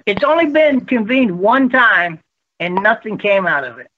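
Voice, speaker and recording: A man's voice: sits high, very animated, moderate pace. A man calling in, rambling and insisting on his claims. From Texas. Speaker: caller. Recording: tinny phone line.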